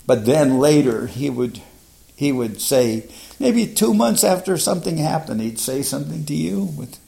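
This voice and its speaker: A man's voice: a little high, lively intonation, moderate pace, creaky, mellow. An older man casually recalling memories, rambling and laughing as he mimics others. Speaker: devotee recalling his teacher. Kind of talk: casual reminiscence.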